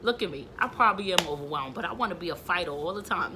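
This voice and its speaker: A young woman speaks to her camera in an unscripted vlog with a bright, forceful voice. She rambles and gets emotional, dropping to hushed asides before bursting out loudly. Faint noise sits under her speech. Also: fairly low pitch, animated, fast, hardly any pauses. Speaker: vlogger and mother. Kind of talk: candid talking-to-camera vlog.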